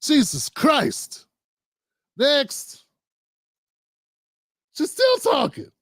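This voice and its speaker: High-pitched male commentator, fired-up ranter, dry close sound. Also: extremely slow, dry recording. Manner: animated, exasperated rants with swearing. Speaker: political commentary streamer. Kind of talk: reaction commentary on news clips.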